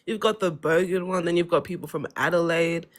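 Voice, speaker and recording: A woman's voice: fairly low pitch, fairly even intonation, brisk. A woman with an Australian accent chatting casually on a live stream, chatty and self-mocking.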